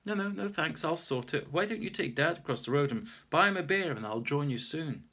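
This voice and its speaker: A man voicing Sybil, a cheerful, brisk woman who runs a gallery, raising his voice. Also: on the high side, expressive, bright, forceful tone, voice pushed up, full character voice.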